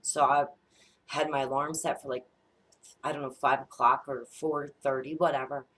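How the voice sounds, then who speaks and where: A woman in her thirties, a mother telling a spooky family story in a casual, animated way, swearing often and acting out the dialogue. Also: a bass voice, normal speed, a little hiss or hum. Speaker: psychic vlogger, mother.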